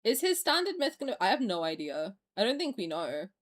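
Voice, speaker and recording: A woman's voice: mid-range voice, sing-song, brisk. A young woman streamer ranting in a heated, profane, exasperated way during a casual reaction video.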